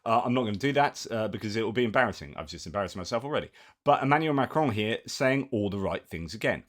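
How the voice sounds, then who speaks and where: A man with a slightly low voice talks through the day's news in a loose, conversational way. He corrects himself mid-sentence, throws in quick asides, and reads quoted statements aloud between his own comments. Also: animated, a bit bright. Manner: chatty, self-correcting, with frequent asides. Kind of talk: casual spoken news commentary.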